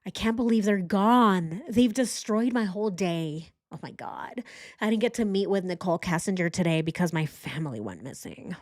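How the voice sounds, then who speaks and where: Woman doing a whiny self-pitying guy, sing-song and mocking, bit higher than her normal voice, dry sound. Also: expressive, moderate pace, dry recording, close to an everyday voice.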